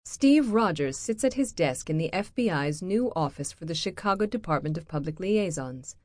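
A woman narrating an audiobook in a steady, measured read, recorded close in a studio booth. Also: low voice, no room sound.

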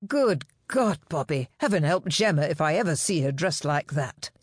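An exasperated older policeman, put on by a woman reader in an audiobook. He blusters in disbelief, loud and put out. The voice sits close and dry. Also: on the low side, moderate pace, dry recording, lightly acted. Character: older white-haired male police officer, exasperated.

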